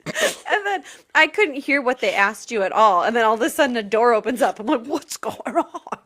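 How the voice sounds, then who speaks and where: A woman's voice: on the high side, animated, fairly quick, fairly bright tone. A young adult woman co-hosting a casual podcast, telling festival stories with acted-out quotes and frequent laughter. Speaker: podcast co-host. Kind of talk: casual festival recap chat.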